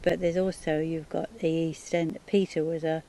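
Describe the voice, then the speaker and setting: A woman's voice: low voice, flat delivery, normal speed, warm tone, a little hiss or hum, low-quality recording. A woman with an English accent chatting casually about accents and greetings, laughing often and restarting her sentences. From England. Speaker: English conversation partner. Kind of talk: casual chat.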